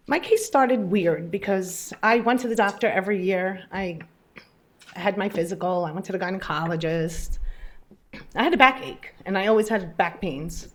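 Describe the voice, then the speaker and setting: A nervous, chatty woman tells her personal story to a live audience, acting out the conversations as she goes. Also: lowish voice. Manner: chatty, animated storyteller who acts out dialogue. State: a little nervous. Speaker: patient speaking at an event.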